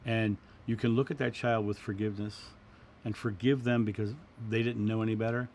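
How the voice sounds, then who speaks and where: Gravelly-voiced man hosting a livestream. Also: on the low side, flat delivery, a little fast, a little hiss or hum. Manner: gentle, reflective, repeats words and restarts. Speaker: livestream host answering viewer questions. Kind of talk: casual spiritual talk.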